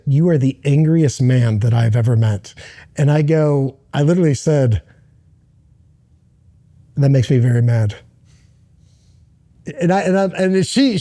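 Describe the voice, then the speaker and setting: Middle-aged American man, interview guest, slightly high, mellow voice, halting, earnest storytelling. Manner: halting, earnest, many restarts. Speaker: interview guest, former Navy SEAL. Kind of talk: candid personal storytelling.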